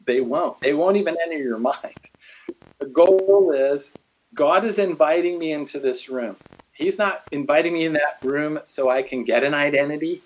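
A middle-aged man in a casual faith conversation, animated, acting out quotes as he tells stories. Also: fairly high pitch, poor audio.

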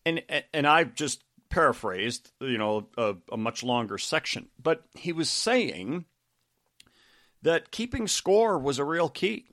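A man's voice: on the high side, expressive, takes it slowly, fairly bright tone, dry recording. Middle-aged guy rambling about a book, lots of ums, dry close sound. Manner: rambling, many fillers and restarts. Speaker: podcast host and coach. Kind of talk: casual book discussion.

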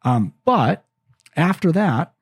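A man's voice: fairly high pitch, very animated, takes it slowly, husky, no room sound, studio quality. A man hosting a parenting podcast, giving earnest advice in a casual, conversational way and often restarting his phrases. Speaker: parenting podcast host and counselor.

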